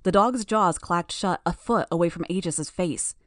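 Woman narrator, lowish voice, dry close mic, steady first-person storytelling. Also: normal speed, no echo. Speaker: audiobook narrator.

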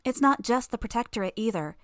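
A woman's voice: fairly high pitch, expressive, a little fast, no room sound, studio quality, pitched above the performer's own voice, close to an everyday voice. A woman voicing a cocky, confident teenage superheroine in an audiobook reading, with a breezy, teasing manner. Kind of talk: audiobook character voice.

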